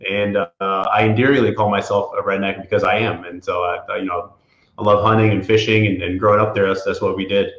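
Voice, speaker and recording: Appearing as an interview guest, this man, a property insurance attorney from Florida's Panhandle in the USA, chats casually, often restarting and using fillers. He talks briskly in a lowish, fairly bright voice with little pitch movement, captured in roomy, dull lo-fi audio.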